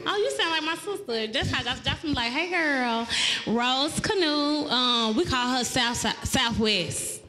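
A woman hosts a live podcast, her voice high and bright. She talks loud and laughs a lot, swearing freely in casual banter with her co-hosts. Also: animated, measured pace, low-quality recording. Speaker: podcast host.

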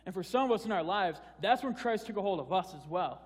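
A man's voice: high voice, lively intonation, fast. A man preaching a sermon in a casual, conversational way, often restarting phrases and repeating words. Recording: long hall reverb.

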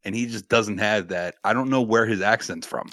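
A man co-hosting a podcast in casual chat, joking and swearing freely, quick with a wisecrack. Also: fairly low pitch, fairly bright tone, no room sound, studio quality. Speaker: podcast co-host.

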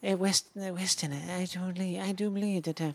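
A man's voice: sits high, fairly even intonation, a little fast, gravelly. A man voicing a pompous upper-class British aristocrat with a put-on posh British accent and a drawling, fussy manner.

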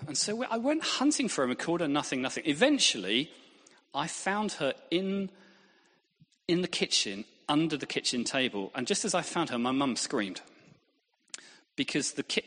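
Husky preacher in a reverberant hall. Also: male voice, on the high side. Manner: lively, self-deprecating humour. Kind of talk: sermon with anecdotes.

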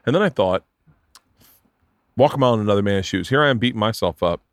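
A man's voice: lowish voice, fast talker, no room sound, studio quality. A middle-aged man hosting a podcast, telling rambling, profane stories and acting out the people in them. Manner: profane, rambling, animated storyteller who acts out quotes. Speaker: podcast host and comedian. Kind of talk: casual storytelling chat.

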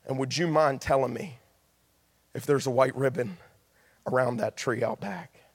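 Ashamed young ex-con voiced by a male preacher, earnest and pleading, high-pitched, long hall reverb. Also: expressive, unhurried, a bit bright, full character voice. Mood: nervous, hushed. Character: ashamed young male ex-convict heading home.

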